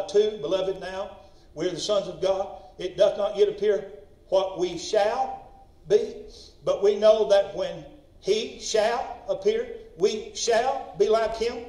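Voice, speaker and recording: A man preaching a sermon as pastor, impassioned and rising to shouts when he tells a story. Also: sits high, expressive, slow. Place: church sanctuary. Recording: echoey church from far off.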